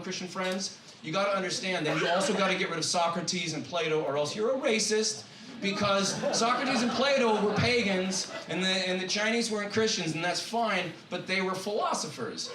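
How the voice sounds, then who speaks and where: A professor giving an animated, wisecracking sermon-style talk, his voice pitched a little high for a man. He sounds far from the mic in a roomy church hall, with a faint hiss behind him. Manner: animated and joking, with frequent asides. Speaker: guest speaker and college professor.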